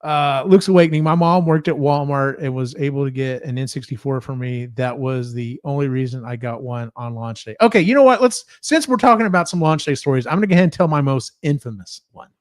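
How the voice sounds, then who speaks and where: A man's voice: medium pitch, expressive, fast, few pauses, dry recording, clean studio sound. A man hosting a casual podcast chat, rambling through stories and swearing freely. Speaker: podcast host.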